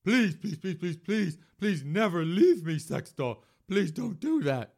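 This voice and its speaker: A man voicing a whiny, desperate young man who begs in a high, pleading voice. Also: very animated, measured pace, creaky, darkish tone, full character voice. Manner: high, pleading, repetitive whimper.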